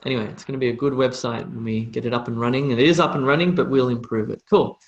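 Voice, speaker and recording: A man teaching a live online English lesson, reading out student questions and demonstrating sounds slowly and repeatedly in a relaxed, chatty way. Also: medium pitch, highs cut off.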